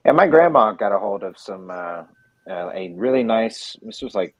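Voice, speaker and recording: A man's voice: lowish voice, lively intonation, normal speed, no echo, rough recording. A man talking casually on a podcast, hesitant and full of fillers. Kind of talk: casual chat.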